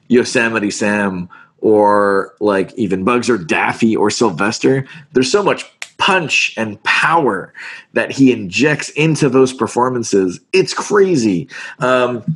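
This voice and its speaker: Animated man, voice actor chatting. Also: on the low side, breathy edge. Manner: animated, fast, restarts words. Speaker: voice actor guest. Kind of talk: casual interview chat.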